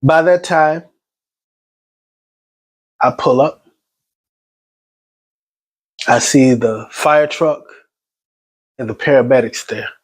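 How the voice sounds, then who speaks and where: A shaken man tells what happened in a raw, halting voice. His pitch sits in an ordinary middle range, and he keeps breaking off and restarting. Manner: agitated, halting retelling with restarts. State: shaken and grieving. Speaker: son recounting his mother's death. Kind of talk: personal spoken testimony.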